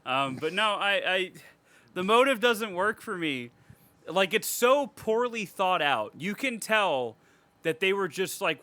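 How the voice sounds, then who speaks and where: Bright-voiced rambling profane man. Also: high voice, big pitch swings, unhurried, no room sound. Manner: profane, rambling, laughs often. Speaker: podcast co-host. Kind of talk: casual horror movie chat.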